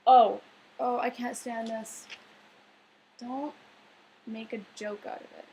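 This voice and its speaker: Earnest young woman with a gravelly edge. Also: on the high side, fairly even intonation, slow, mellow, a little hiss or hum, poor audio. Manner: earnest, rambling, with filler words. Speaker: vlogger. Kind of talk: casual advice vlog.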